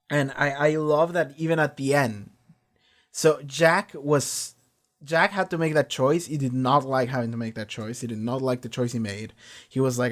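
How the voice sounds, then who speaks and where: A man's voice: medium pitch, normal speed. A young man reacting to a TV episode, rambling with frequent swearing, fillers and repeated words. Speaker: reaction video host. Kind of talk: casual spoken review after watching an episode.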